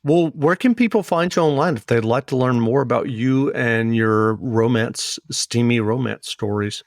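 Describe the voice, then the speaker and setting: A man's voice: medium pitch, moderate pace, no echo, clean studio sound. A man hosting a book podcast, giving brief affirming replies and wrapping up the interview. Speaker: podcast host.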